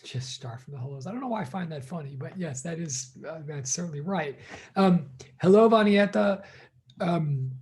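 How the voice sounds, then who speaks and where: A man's voice: fairly high pitch, animated, moderate pace, darkish tone. A middle-aged male college teacher on a video call, chatting casually and rambling as he greets his students one by one. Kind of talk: casual online class greeting.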